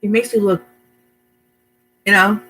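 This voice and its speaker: A woman's voice: medium pitch, steady tone, measured pace, bright, forceful tone, slightly rough, low-quality recording. A middle-aged woman chatting and giving advice on her video channel from her bedroom, rambling and laughing at herself. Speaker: vlogger. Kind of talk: casual advice vlog.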